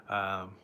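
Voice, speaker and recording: A man's voice: pushed and bright, a little hiss or hum. A man chatting casually with viewers on a stream, laid-back, chuckling often and slipping into joking impressions. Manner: laid-back, chuckles often, playful surfer-dude mimicry. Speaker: food vlogger chatting with viewers. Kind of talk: casual live-stream chat.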